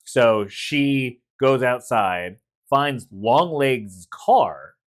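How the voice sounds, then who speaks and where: A man's voice: mid-range voice, big pitch swings, extremely slow. Male co-host, laid-back movie review chat, retells plot in a conversational way. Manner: retells scenes with quoted voices, frequent swearing. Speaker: podcast co-host.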